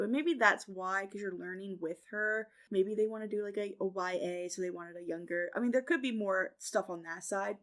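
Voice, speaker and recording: A woman guest on a book podcast, animated and quick, laughing easily. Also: mid-range voice. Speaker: guest reader. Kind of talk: casual book discussion.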